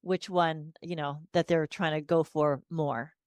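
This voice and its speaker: A woman's voice: sits low, steady tone, unhurried, clear, resonant tone, no room sound. A woman in her forties, a speech-language pathologist, chatting casually as a podcast guest and slipping into a sing-song tone when she models talking to children. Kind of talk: casual interview conversation.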